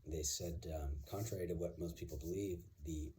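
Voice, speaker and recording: A man with an extremely deep, low voice talks in a loose, rambling way, sure of himself and full of ums and restarts. A faint hiss of background noise sits under his voice. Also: fairly even intonation, moderate pace, mellow. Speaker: vlogger. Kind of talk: casual monologue.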